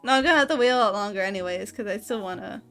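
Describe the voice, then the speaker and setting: A woman's voice: mid-range voice, very fast, a bit bright, faint music behind. A woman streamer in a casual late-night chat, rambling and giggling often.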